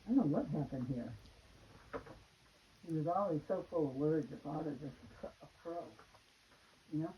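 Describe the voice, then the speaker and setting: Rambling older mom, dull lo-fi audio. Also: female voice, low voice, normal speed, pauses often, a little hiss or hum. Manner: rambling, repeats herself. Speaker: mother. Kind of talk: casual family chat. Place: home. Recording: dull lo-fi home recording.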